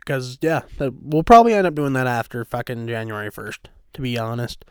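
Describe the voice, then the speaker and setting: A man's voice: medium pitch, a little fast, smooth, no room sound, studio quality. A man hosting his own podcast, brash and swearing constantly in loose banter. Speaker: podcast host. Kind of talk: crude casual podcast banter.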